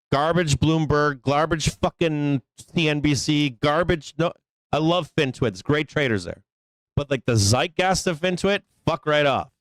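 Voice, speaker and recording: A man's voice: on the high side, no room sound. A man hosting a live stock market show, talking bluntly and emphatically with lots of swearing in a rambling, casual way. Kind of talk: casual live trading commentary.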